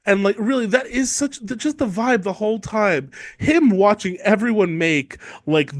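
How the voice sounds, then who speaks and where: A man co-hosting a podcast, giving a casual comedic recap of book chapters, swearing and mocking the characters with quick impressions. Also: sits high, no room sound, clean studio sound. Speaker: podcast co-host.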